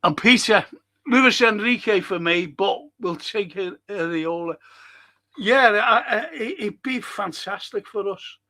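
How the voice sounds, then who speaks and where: An older man with a Scouse accent hosting a live-stream podcast, passionately ranting and reading out chat messages. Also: unhurried. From Liverpool, England. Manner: passionate, ranting, swinging between loud outbursts and low muttering.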